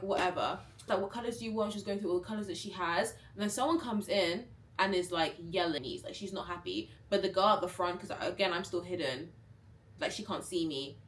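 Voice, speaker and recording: A woman's voice: medium pitch, a bit bright, recorded from a distance. A young woman vlogger telling a storytime in a chatty, dramatic way, acting out what people said. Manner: chatty and dramatic, acts out quotes. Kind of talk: storytime vlog. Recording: roomy, a bit off-mic.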